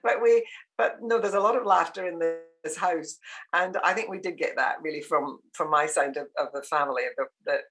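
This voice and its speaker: A woman's voice: low voice, moderate pace. An older woman, a podcast guest telling family anecdotes with frequent laughter. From Scotland. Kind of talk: conversational interview.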